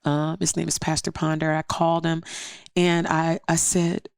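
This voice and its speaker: A woman's voice: deep voice, little pitch movement, normal speed, vocal fry, smooth, dry recording, clean studio sound. A woman guest telling a personal story in an interview, earnest and step by step, acting out what others said. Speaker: podcast guest.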